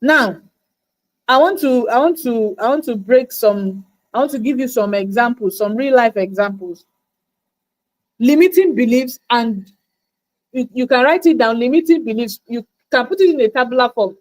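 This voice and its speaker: A woman coaches her listeners in an emphatic motivational talk. Her voice sits high, and she repeats words for stress. She acts out the doubts of her audience in quoted asides. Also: normal speed, poor audio. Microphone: livestream mic.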